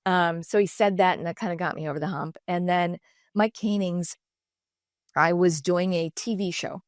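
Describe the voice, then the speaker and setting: A woman's voice: fairly low pitch, normal speed, no room sound, studio quality. A middle-aged woman, a guest on a podcast, telling personal stories candidly and animatedly, slipping into other voices when she quotes people. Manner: animated, acts out quoted dialogue in shifting voices. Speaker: podcast guest, designer and entrepreneur. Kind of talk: candid conversational storytelling.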